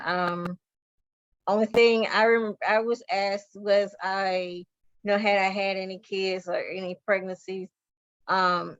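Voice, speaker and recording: A woman's voice: on the low side, no room sound. A woman patient panelist speaking frankly and reflectively over a video call. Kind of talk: personal testimony on a panel. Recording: dry, lo-fi call audio.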